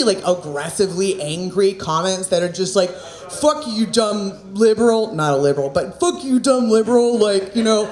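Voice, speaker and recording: A woman in her thirties doing open-mic stand-up, chatty and self-mocking, laughing at her own jokes. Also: mid-range voice. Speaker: stand-up comedian. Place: small comedy club, indoors. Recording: echoey club room with crowd laughter.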